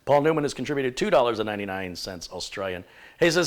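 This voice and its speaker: A man's voice: medium pitch, very animated, quick pace. A man hosting a live computer repair stream, thinking aloud and rambling with frequent self-corrections as he diagnoses a PC.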